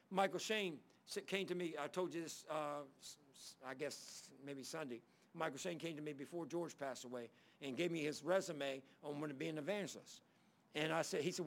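A male pastor delivers a folksy sermon in a gravelly, slightly raised voice. He reads scripture aloud between homespun stories. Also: fairly high pitch, a little fast.

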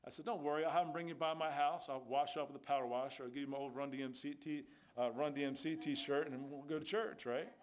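A man's voice: a little high, fairly even intonation, fast, few pauses. A man preaching a sermon as a street preacher, telling stories and asking rhetorical questions with emphatic delivery.

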